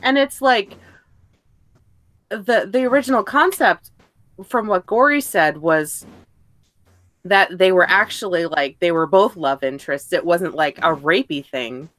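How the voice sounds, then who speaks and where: A woman's voice: fairly low pitch, unhurried, long pauses, fairly bright tone, no room sound. A woman guest on a casual live stream over a video call, ranting about films in a profane way. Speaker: guest reviewer.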